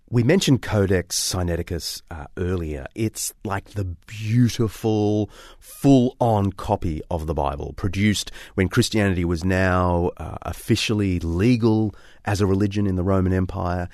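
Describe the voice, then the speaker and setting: A man presenting history in a lively storytelling way, quoting old texts aloud. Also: low-pitched, measured pace, music in the background. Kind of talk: documentary-style explanation.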